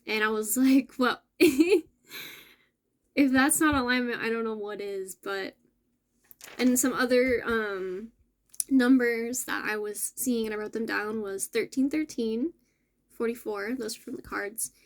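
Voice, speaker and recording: A woman hosting a casual spiritual message for her viewers, gentle and affirming, with soft laughs and self-corrections. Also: fairly high pitch, steady tone, a little slow. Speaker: spiritual channel host.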